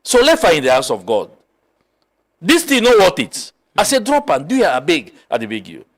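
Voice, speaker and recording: A middle-aged man from Sierra Leone with a Krio accent, a political guest telling a story in an animated way, mixing Krio and English. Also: high voice, normal speed. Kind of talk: political talk show discussion.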